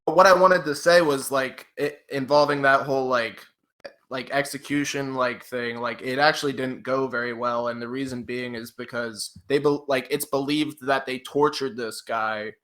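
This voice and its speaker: A man's voice: medium pitch, fairly even intonation, moderate pace, a bit bright. A man co-hosting a podcast, chatting casually, full of filler words. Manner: filler-heavy, earnest. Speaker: podcast co-host. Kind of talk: casual chat.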